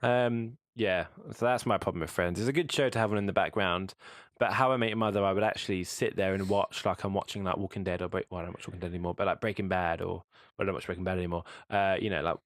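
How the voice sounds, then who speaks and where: A man co-hosting a podcast in casual chat, halting and restarting often. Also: low-pitched, fairly even intonation, no room sound, clean studio sound. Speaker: podcast co-host.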